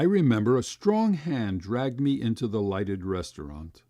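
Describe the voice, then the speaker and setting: A man reading a classic short story aloud as an audiobook narrator, with expressive storytelling. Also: unhurried, hardly any pauses, dry recording, clean studio sound. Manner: expressive storytelling, rising high for quoted voices.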